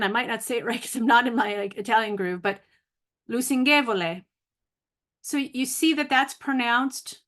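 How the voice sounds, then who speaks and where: A woman's voice: fairly high pitch, a bit bright. Woman teaching vocabulary, thinking aloud. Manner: thinking aloud, self-correcting, laughs at own slips; careful, spelled-out pronunciation of long words. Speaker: language teacher. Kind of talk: casual video lesson.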